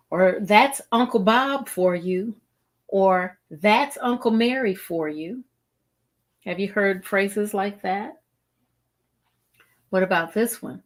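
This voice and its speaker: A middle-aged woman hosting a live-streamed wellbeing talk show, speaking deliberately and repeating phrases for emphasis to her viewers. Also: medium pitch. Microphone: streaming setup, video call style.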